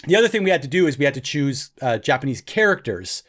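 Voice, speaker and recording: A man's voice: mid-range voice, big pitch swings, fast, a bit bright. A man in his thirties, co-hosting a podcast, tells a long story in a loose, rambling way full of fillers. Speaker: podcast co-host. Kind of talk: casual chat.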